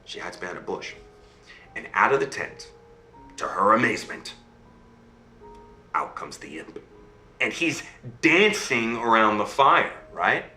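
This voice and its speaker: A man telling a fairy tale live in a lively, dramatic way, often checking in with listeners. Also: unhurried, long pauses, echoey room, faint music behind. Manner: lively, dramatic swings in pitch, asks listeners "right?". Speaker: storyteller.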